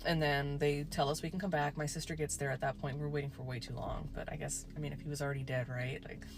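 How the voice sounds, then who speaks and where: A woman's voice: sits low, level tone, fast talker. A woman telling a true story in a casual storytime way, chatty, swearing and saying "like" a lot. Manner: chatty, swears, heavy use of "like".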